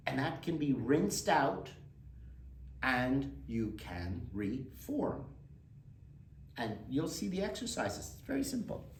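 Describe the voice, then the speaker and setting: A man leads a motivational workshop, firing rhetorical questions at his listeners. His voice swoops lively between high and low. He is heard from some distance in a roomy space. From Quebec, Canada. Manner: animated, rhetorical questions to the audience. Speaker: workshop presenter.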